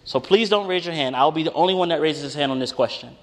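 A man preaching a conversational sermon, telling a personal story with animated, emphatic rises. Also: a little high, quick pace. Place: church hall with congregation. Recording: reverberant hall.

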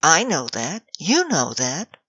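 Woman doing a snarky magic mirror, low-ish voice, dry theatrical mockery, kinda muffled sound. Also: huge pitch swings, slow, fairly bright tone, husky, no room sound, exaggerated voice. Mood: sarcastic. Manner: sarcastic, dry and mocking. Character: sarcastic magic mirror spirit, snide and theatrical.

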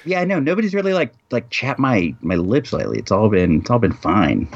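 Husky, animated man joking around. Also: lowish voice, a little fast, dull audio. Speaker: podcast co-host. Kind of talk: casual chat.

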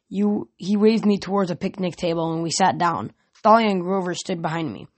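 A man's voice: sits high, brisk. A young man reading a novel aloud as an amateur reader, plain delivery with small slips and restarts.

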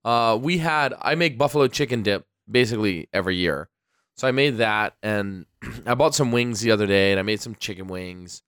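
With a lowish, fairly bright, clean-toned voice, the man speaks at a moderate pace while co-hosting a podcast from a small home studio. He's relaxed and rambles with fillers in casual chat; the sound is clean studio quality with no echo.

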